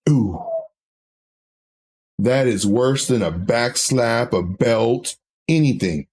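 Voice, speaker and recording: A man's voice: mid-range voice, animated, takes it slowly, a little mellow. A man hosting a trading livestream, talking in a rambling, casual way with self-mocking asides. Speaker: trading stream host.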